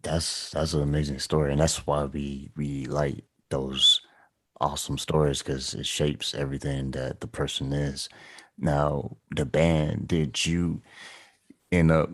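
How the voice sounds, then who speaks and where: Very deep, flat-voiced male host. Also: a little slow, no room sound, studio quality. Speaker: interview host. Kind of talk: interview.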